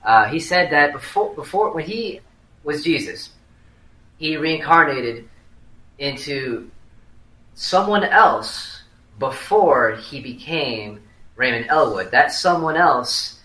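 Podcast guest, male, bright tense tone, amused storyteller, roomy echo. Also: fairly high pitch, lively intonation, slow pace. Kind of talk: casual podcast chat. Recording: echoey room.

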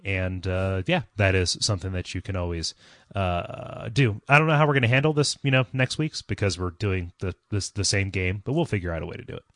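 A man co-hosting a casual podcast, relaxed, laughing easily and trailing off quietly. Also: low-pitched, a little fast, dry recording, clean studio sound. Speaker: podcast co-host.

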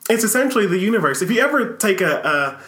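A man, a podcast guest, telling his story in an earnest, thoughtful way, pausing and repeating words as he reflects. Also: high-pitched, sing-song, sharp tone. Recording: roomy echo.

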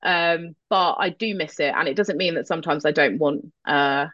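A woman with a lowish voice talks candidly in a casual interview, swearing now and then and laughing easily at herself. The sound is dry and a little dull and lo-fi. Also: normal speed, a bit bright, no room sound. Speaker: guest, metal vocalist.

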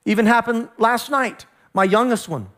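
A man, a pastor, preaching a sermon with lively storytelling, acting out voices as he goes. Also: very high-pitched, moderate pace.

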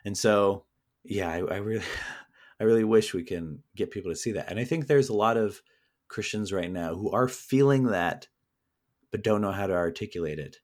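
A man being interviewed as an author, talking in an earnest, measured, reflective way. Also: fairly low pitch, darkish tone. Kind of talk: conversational interview.

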